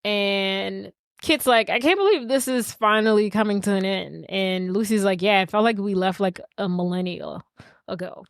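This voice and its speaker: A woman's voice: mid-range voice, moderate pace, creaky, clear, resonant tone, no room sound, clean studio sound. A woman co-hosting a podcast, chatting casually and joking as she recaps a movie. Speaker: podcast co-host.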